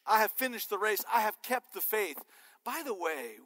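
A male preacher delivers an animated sermon, cracking jokes as he teaches. His voice sits high and sounds bright and forceful. The sound rings with the long reverb of a church hall. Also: normal speed. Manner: animated and joking. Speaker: pastor. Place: church sanctuary.

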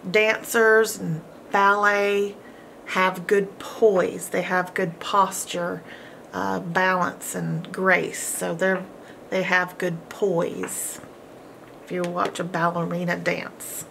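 A woman teaching a homeschool phonics lesson, sounding out words slowly and encouraging her students. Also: fairly low pitch, flat delivery, vocal fry, a bit bright, slight background noise. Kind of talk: phonics lesson, slow and deliberate.

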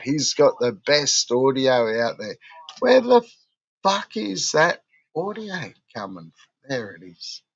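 Slow-talking drunk aussie bloke hosting a late stream, swears nonstop, dull lo-fi sound. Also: male voice, medium pitch, dry recording. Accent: Australian. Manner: rambling and heavily sweary. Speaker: livestream host. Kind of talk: casual livestream chat.

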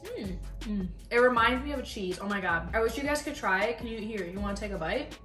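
A woman's voice: mid-range voice, expressive, a little fast, a bit bright. A young woman chatting casually and bluntly as she taste-tests food for her vlog. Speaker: vlogger. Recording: echoey room, mic at a distance. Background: faint music.

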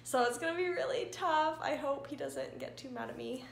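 A young mom vlogs casually in an echoey room with faint background noise, her voice high and a bit creaky at a moderate pace. She coaxes her toddler along in a sing-song tone.

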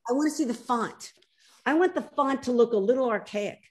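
This sixty-something Philly woman, interviewed over video as an author, has a fairly high pitch and a fairly quick delivery. She speaks with a Philadelphia accent, animated and emphatic, and often begins her sentences again.

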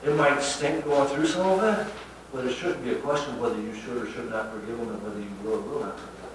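A man preaching a sermon in a conversational and emphatic way, often swinging between quiet asides and loud stresses. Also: quick pace, far from the mic, background noise. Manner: conversational and emphatic, with lively swings of pitch and loudness. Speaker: pastor. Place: church sanctuary. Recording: very echoey hall from afar.

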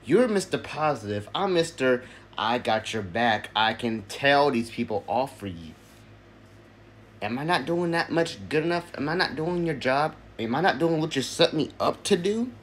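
A man's voice: mid-range voice, a bit bright. A man voicing his own brash, combative alter ego in a self-dialogue skit, swearing and firing off rhetorical questions. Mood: defiant.

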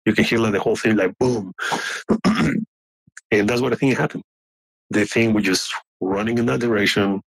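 A man whose first language is not English, earnestly telling his story with halting restarts and frequent throat clearing. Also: on the low side, no room sound, poor audio. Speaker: guest telling an encounter story.

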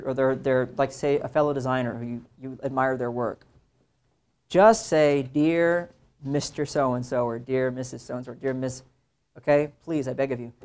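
A young adult man, an illustrator, giving a casual classroom talk to students, conversational and animated, slipping into mimicked voices for quoted asides. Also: mid-range voice, clean tone.

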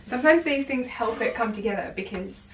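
A woman's voice: a little high, lively intonation, a little fast. Easygoing young woman, echoey and distant. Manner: easygoing, short agreeing replies, teasing. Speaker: friend being styled. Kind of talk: casual chat. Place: indoors at home by a wardrobe. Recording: roomy, off-mic, faint room hum.

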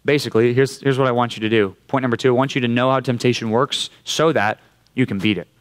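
A young youth pastor with a Californian accent preaches a casual sermon in a church youth room. His medium-pitched voice is steady, clear and resonant, he talks fast, and he stays conversational, often checking in with "right?"

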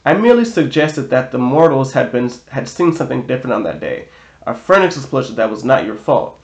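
A man voicing a calm, wise old male centaur teacher who speaks in a measured, dry way. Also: medium pitch, close to an everyday voice. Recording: roomy echo.

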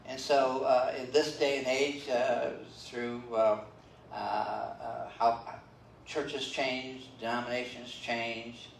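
A man's voice: mid-range voice, fairly even intonation, slow, gravelly, slight background noise. An older man preaching a sermon as pastor, talking conversationally with many fillers and "okay?" check-ins. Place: church sanctuary. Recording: roomy, distant church livestream.

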